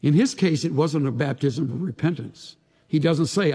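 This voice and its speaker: A pastor preaching a sermon to his congregation, dramatic and emphatic, sometimes dropping to a hushed voice. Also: fairly high pitch, moderate pace, husky. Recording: long reverb of a large hall.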